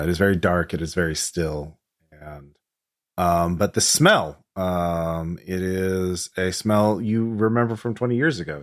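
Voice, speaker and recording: A man runs a tabletop game in a very low voice, narrating slowly with frequent ums and pauses. His delivery is hesitant but atmospheric. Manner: halting, many ums, slow and atmospheric. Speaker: game master.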